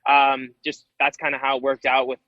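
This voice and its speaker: A man's voice: medium pitch, completely flat delivery, a little fast, no echo, lo-fi sound. A Canadian man, a guest musician, talking casually and rambling a little about his music while laughing often. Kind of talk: casual chat.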